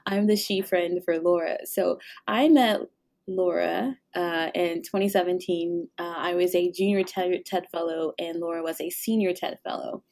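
A woman host leads a relaxed interview, cheering her guest on with easy, friendly reactions. Her voice sits fairly low, and she talks in a loose, conversational way. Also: normal speed. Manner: warm, encouraging listener, frequent laughs. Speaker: podcast host. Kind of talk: casual interview chat.

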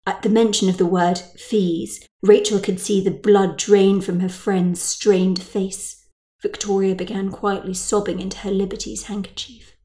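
A woman reading a story in measured, dry narration. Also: medium pitch, level tone, dark tone.

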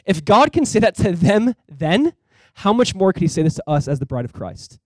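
A male pastor in his thirties preaching a sermon in a conversational, animated way, with quick asides. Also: high-pitched, no room sound.

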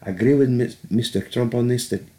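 A man doing a quiet, soft-spoken impression of a Russian male leader, with a vague put-on accent. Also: mid-range voice, brisk, close to an everyday voice. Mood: smug. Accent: put-on Russian-ish accent.

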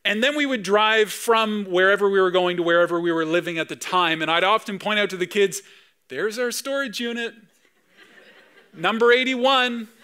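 A man from Canada in his thirties preaching a sermon in a high, bright voice. He talks in a conversational, storytelling way and rises with animation at key moments. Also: a little fast, few pauses, smooth. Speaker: pastor.

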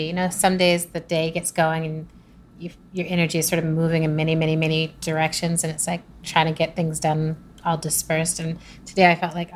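A woman guest in a casual interview, animated, acting out her own thoughts as she tells stories. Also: lowish voice, moderate pace, slight background noise. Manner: animated, laughing storyteller, acts out own thoughts. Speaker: guest author.

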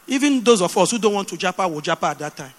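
A Nigerian woman preaching a sermon, animated and full of repeated rhetorical questions. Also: medium pitch, very fast, in a large hall.

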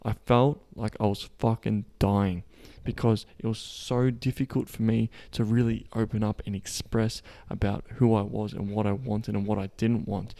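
A man's voice: fairly low pitch, level tone, moderate pace, vocal fry, warm tone, no echo. A man coaching other men on dating, talking bluntly in a casual monologue full of swearing and restarts. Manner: blunt and profane, with frequent restarts, growing emphatic. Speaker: podcast host and men's dating coach.

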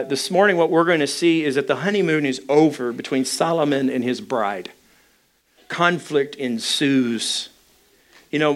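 A man preaching a sermon, telling a personal story with candid, self-mocking humor. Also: medium pitch. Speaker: pastor.

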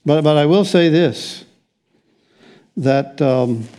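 A man's voice: on the high side, takes it slowly, mellow. An older man preaching a conversational sermon as pastor, rambling along with frequent restarts and wry asides.

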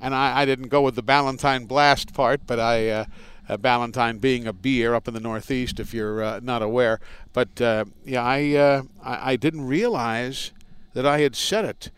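A man's voice: medium pitch, moderate pace, a bit bright, clear, resonant tone. A radio play-by-play broadcaster telling casual, rambling, self-deprecating stories from his career in an interview. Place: indoors at a college arena.

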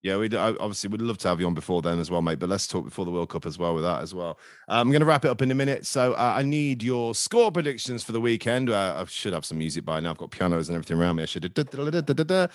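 A man's voice: deep voice, dry recording, clean studio sound. A man hosting a casual football fan podcast, joking, swearing and bantering with his guests. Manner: jokey, swears, quick banter. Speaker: podcast host.

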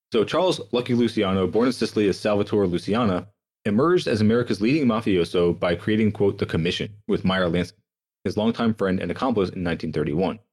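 A young man hosting a podcast, reading history notes aloud with quick, sardonic asides. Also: lowish voice, darkish tone, breathy edge. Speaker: podcast host.

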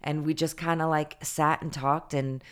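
Low-voiced woman telling a chatty story. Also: normal speed, clean tone. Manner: chatty, animated retelling with lots of fillers. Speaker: podcast co-host. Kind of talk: casual storytelling chat.

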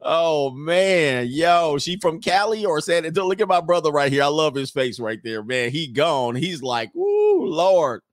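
A man hosting a casual live commentary stream, loud and joking, with slangy asides and drawn-out exclamations. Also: on the high side, no room sound. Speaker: livestream commentary host.

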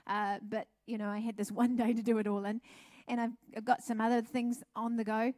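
A middle-aged woman, a pastor's wife, telling her testimony at a church service in a chatty, animated way. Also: a little high, a little fast, no room sound, studio quality. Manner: chatty, animated storytelling with laughs.

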